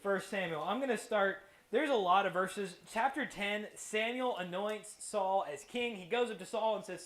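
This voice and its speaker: A man giving a lively children's church sermon, telling stories and acting out voices. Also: extremely high pitch, normal speed, hardly any pauses. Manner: animated storyteller, acts out voices. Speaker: kids church preacher.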